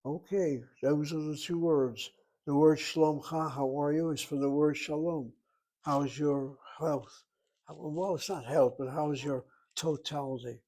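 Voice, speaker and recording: A man teaching a Hebrew grammar lesson, sounding out words slowly and repeating them for his students. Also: fairly high pitch, fairly even intonation, mellow, rough recording.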